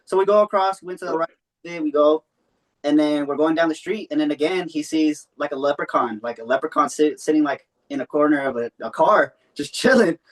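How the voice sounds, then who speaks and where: A man's voice: fairly high pitch, brisk. A young man telling a long personal story in a loose, rambling way, full of swearing and fillers. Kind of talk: casual storytelling.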